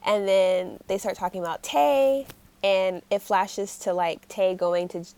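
A woman co-hosting a casual chat show, recapping a comic with lively acted-out lines. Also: mid-range voice, a little slow, smooth. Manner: animated, acts out characters' lines. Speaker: podcast co-host.

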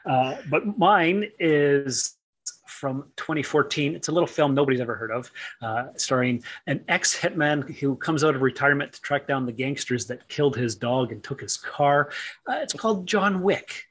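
A man's voice: fairly high pitch, expressive, a little slow, a bit bright. A man co-hosting a podcast, talking casually about films with dry, sarcastic understatement. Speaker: podcast co-host. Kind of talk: casual film chat.

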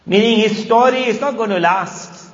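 A man's voice: high voice, normal speed. A man giving an emphatic sermon on Quran verses, repeating key phrases and switching between Arabic recitation and English explanation. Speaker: Islamic preacher. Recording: echoey hall, muffled sound.

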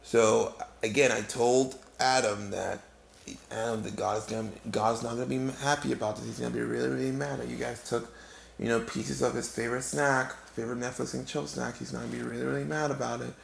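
A man's voice: medium pitch, flat delivery, a little fast, gravelly, slight background noise. A man telling a comic story in a casual, rambling way, full of fillers and restarts. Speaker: comedic storyteller. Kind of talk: rambling comedic monologue. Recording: echoey room.

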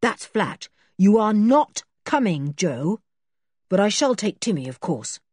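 Firm teenage boy leader read by a woman, decisive, slightly husky, storybook. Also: fairly low pitch, big pitch swings, measured pace, no room sound, clean studio sound, full character voice.

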